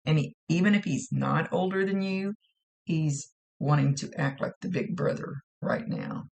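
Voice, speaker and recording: A woman psychic medium giving a gentle, reassuring spoken reading to a viewer, often repeating herself. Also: deep voice, normal speed, gravelly.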